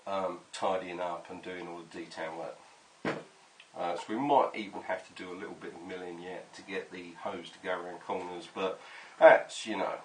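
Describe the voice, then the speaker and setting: A man's voice: lowish voice, a bit bright, a little hiss or hum, rough recording. Chatty man in a garage workshop. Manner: chatty, swears casually, explains while working. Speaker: workshop maker. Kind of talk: casual workshop vlog.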